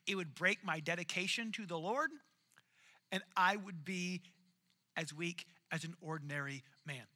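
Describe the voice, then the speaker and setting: A man's voice: high-pitched, a little slow, pushed and bright, pitched below the performer's own voice, exaggerated voice. A man voicing a strongman hero, in an offhand, casual tone. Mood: earnest.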